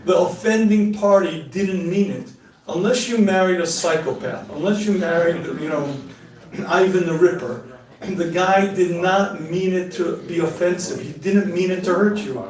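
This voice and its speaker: A middle-aged man with a high-pitched voice gives a live talk and answers questions from the audience. He is animated and joking, and laughs at his own asides. He is picked up from a distance in an echoey hall. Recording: echoey room, mic at a distance.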